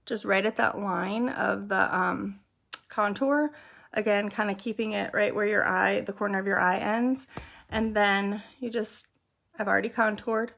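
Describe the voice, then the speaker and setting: Middle-aged woman, makeup tutorial host, casual step-by-step chat, gravelly edge. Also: medium pitch, fairly even intonation, unhurried, a bit bright. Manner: chatty, explains step by step while applying makeup. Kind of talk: casual how-to demonstration.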